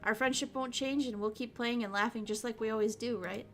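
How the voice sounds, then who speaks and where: A woman's voice: steady tone, fairly quick, a bit bright, a little hiss or hum. A woman voicing a spirited, loyal teenage girl while reading a visual novel aloud. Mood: reassuring. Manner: earnest, reassuring, high-spirited.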